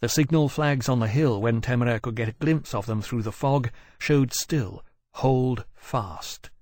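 A man's voice: medium pitch, moderate pace, darkish tone, dry recording. Man reading a story, dry and close. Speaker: audiobook narrator. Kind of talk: scripted narration.

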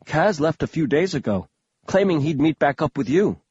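A man voicing a soft-spoken, courteous male scholar who talks hesitantly. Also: on the high side, lively intonation, normal speed, husky, no room sound, highs cut off. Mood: earnest.

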